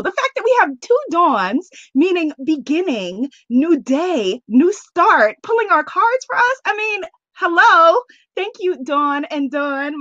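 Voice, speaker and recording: A high-voiced woman hosts a live online call, full of cheerleading energy as she greets each viewer by name. The sound is dry and a little dull, like a webcam stream. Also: bright, forceful tone, no room sound. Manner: effusive, cheerleading, laughs often. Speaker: host of a live planning call.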